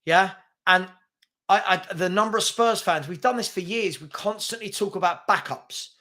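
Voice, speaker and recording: A man hosting a live football chat, reading out viewer comments in an animated, casual way, full of fillers and stammered restarts. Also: high-pitched. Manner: chatty and animated, quick to call out rude commenters. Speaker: host of a daily football chat stream.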